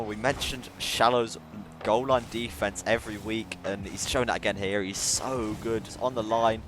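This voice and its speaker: Low-voiced Irish man calling a match. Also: moderate pace, hardly any pauses. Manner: rising to excited calls at big plays. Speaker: esports caster. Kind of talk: play-by-play commentary. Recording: noisy background.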